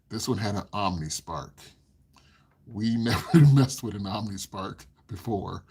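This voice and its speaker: A man's voice: on the low side, darkish tone, breathy edge. An older man hosting a casual livestream, telling rambling stories and laughing often. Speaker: livestream host.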